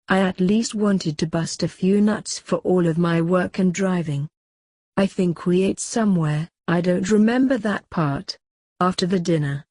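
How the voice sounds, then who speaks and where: A woman reading a crude story aloud in a deadpan, sardonic manner. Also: fairly low pitch, dry recording, clean studio sound. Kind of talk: scripted story narration.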